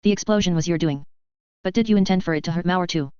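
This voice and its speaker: A woman reading as a calm, menacing noble with a posh accent. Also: on the low side, clear, resonant tone, no room sound, lo-fi sound, natural voice. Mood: cool, polite. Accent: posh upper-class accent. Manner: polished, measured. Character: fat, cultured male noble, calmly menacing.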